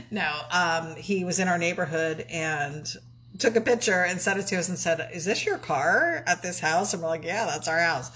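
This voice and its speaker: A woman's voice: lowish voice, sing-song, a little slow, bright, forceful tone, a little hiss or hum, low-quality recording. A woman co-hosting a casual live stream, reading viewer comments aloud and laughing often.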